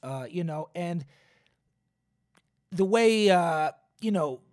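A man's voice: high-pitched, expressive, takes it slowly, a little mellow, no room sound, clean studio sound. A man in his forties hosting a solo podcast, ranting in a profane, sarcastic, wry way. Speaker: podcast host.

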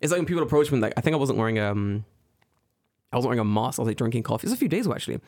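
Young man, casual chat, animated storyteller, very lively pitch, dry sound. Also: racing, no echo. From lives in Japan five years. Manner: animated storyteller, swears a lot, acts out voices. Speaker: podcast co-host.

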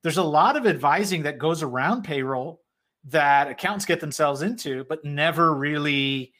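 Man, bright tone, casual business chat, loose and filler-heavy. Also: a little high, normal speed. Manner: loose and chatty, many fillers like "like" and "right?". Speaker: payroll software company representative.

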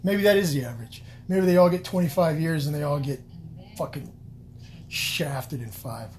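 A man's voice: fairly high pitch, normal speed, a little mellow, a little hiss or hum. Blunt, profane man with dry wisecracks. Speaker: podcast co-host. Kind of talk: casual chat.

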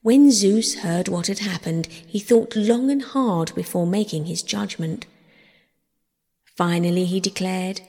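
Slow, gentle woman storyteller in a reverberant hall. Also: lowish voice. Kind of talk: scripted storybook narration.

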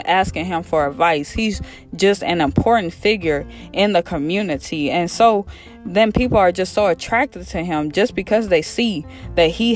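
Preacher, casual devotional sermon, fervent, repetitive urging, mid pitch, faint music behind.

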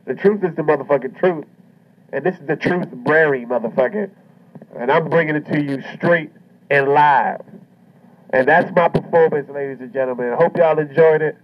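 A man's voice: on the high side, normal speed. Brash, profane stand-up comedian man. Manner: brash, profane, loud and swaggering. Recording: muffled lo-fi recording.

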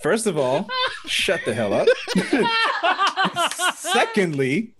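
A man's voice: high-pitched, wildly swooping pitch, drawn-out words, over a noisy crowd. A man in his thirties, a podcast co-host and father, ranting through a heated casual debate and laughing as he goes.

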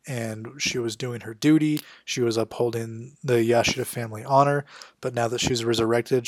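A man giving a casual spoken recap of a comic book issue, quickly voicing the characters' lines as he goes. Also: mid-range voice, dry recording, clean studio sound. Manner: conversational, acts out characters' lines with quick quotes.

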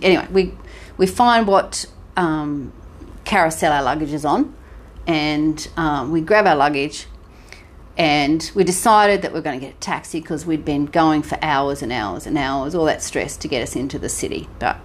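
Australian woman podcast co-host, lower-pitched, chatty storyteller. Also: normal speed. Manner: chatty, animated storytelling with laughs. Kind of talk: casual travel chat.

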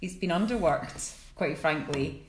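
A woman's voice: low voice, a little slow, roomy sound, a little hiss or hum. A Scottish woman chatting casually as a podcast co-host, giggly and a little scattered. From Scotland. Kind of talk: casual chat.

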